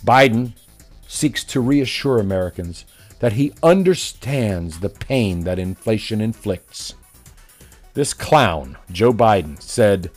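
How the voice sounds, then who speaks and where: A man's voice: on the low side, lively intonation, slow pace, faint music behind. A man delivering a combative, mocking political opinion monologue as a commentator. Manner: mocking, combative, name-calling.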